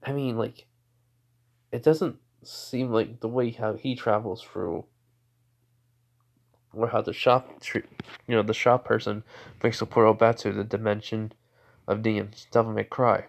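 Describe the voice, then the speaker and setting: A man's voice: lowish voice, fairly even intonation, a little slow, gravelly, long pauses. A man improvising a fan story aloud, rambling with many restarts.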